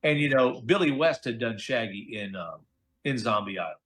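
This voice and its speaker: A middle-aged man, a voice actor who is a guest in a casual interview, telling stories in an animated, slangy way. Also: medium pitch, moderate pace. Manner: animated, chatty storyteller, slangy with "dude" and "okay?".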